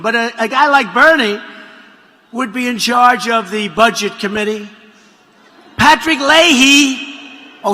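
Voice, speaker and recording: Bright, forceful man at a rally. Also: high-pitched. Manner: rambling, mocking, repetitive, bursts of shouting. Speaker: politician addressing a rally. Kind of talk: campaign rally speech. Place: large rally venue. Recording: long arena reverb, faint crowd ambience.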